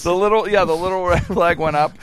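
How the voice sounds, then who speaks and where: A man's voice: high voice, fairly even intonation, fairly quick, over a noisy crowd. A man in casual comedic banter, joking crudely, laughing often and slipping into put-on accents. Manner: crude, laughing, slips into put-on British voices.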